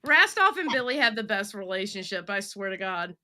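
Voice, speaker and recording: A woman's voice: mid-range voice, very animated, brisk, bright, forceful tone. A woman in a casual podcast panel, teasing and playful in her banter.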